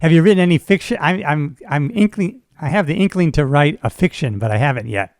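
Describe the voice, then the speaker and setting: Relaxed male host, dry close sound. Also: fairly high pitch, fairly quick, dry recording. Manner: relaxed, conversational, with frequent fillers and affirmations. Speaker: podcast host, retired sheriff's deputy. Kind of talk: casual conversational interview.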